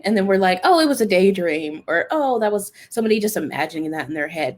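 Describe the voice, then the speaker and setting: A woman hosts a casual TV recap podcast. She is animated and chatty, with plenty of fillers, and she acts out what the characters say. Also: medium pitch, a little fast. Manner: animated, acts out characters' lines, exclaims and laughs; chatty, lots of fillers like "like" and "you know". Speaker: podcast host.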